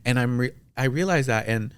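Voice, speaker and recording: A man's voice: medium pitch, brisk, clear, resonant tone. A young man talking as a podcast guest in a casual, heartfelt chat. He is openly emotional and acts out his family members' lines in quoted voices. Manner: openly emotional, talks about feelings.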